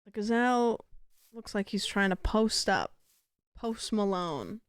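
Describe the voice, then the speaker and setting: A woman putting on a slow, hushed wildlife documentary narrator voice. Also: mid-range voice, animated, close to an everyday voice. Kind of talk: mock wildlife narration over gameplay.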